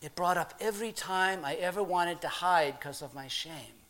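A man performing a dramatic monologue as a plain-spoken married working man, talking in rough everyday grammar with halting restarts, dropping to a hushed murmur and rising to loud, excited telling. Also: high-pitched, a little hiss or hum. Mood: reflective. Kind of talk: dramatic first-person monologue.

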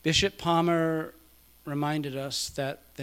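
A man preaching a sermon, quoting others quietly and building to loud, emphatic peaks. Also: fairly high pitch, takes it slowly, clear, resonant tone. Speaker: pastor.

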